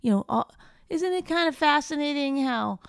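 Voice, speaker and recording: A woman's voice: high voice, animated, normal speed, dry recording, clean studio sound. A woman co-hosting a casual chat, blunt, profane and combative. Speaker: podcast co-host.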